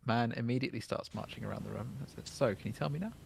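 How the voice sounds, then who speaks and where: A man's voice: mid-range voice, racing, vocal fry, a little hiss or hum. A man with a London accent chatting casually while streaming a co-op game, reading out jokes and greeting viewers. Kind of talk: casual co-op gaming chat.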